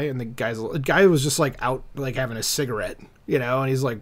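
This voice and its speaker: A man's voice: mid-range voice, fast talker, few pauses. A man hosting a commentary channel, reading an article aloud and breaking in with casual, irritated asides full of fillers. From United States.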